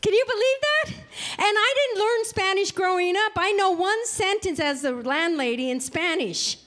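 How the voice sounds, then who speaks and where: High-voiced woman doing stand-up. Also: animated, normal speed, a bit bright. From New Mexico. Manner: chatty, self-mocking, acts out quoted lines. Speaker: stand-up comedian. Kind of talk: stand-up comedy set. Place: live comedy venue.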